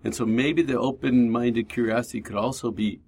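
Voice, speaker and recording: Creaky-voiced man, reflective radio host. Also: medium pitch, steady tone, normal speed, darkish tone. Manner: reflective, talks through inner thoughts aloud. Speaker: radio show host on addiction recovery. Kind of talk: faith-based radio talk discussion.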